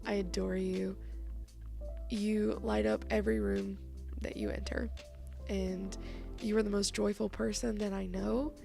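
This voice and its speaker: A young woman with a medium-pitched, slightly mellow voice and some vocal fry delivers a heartfelt message to her best friend and co-host. She gets emotional, laughing through tears and swearing casually.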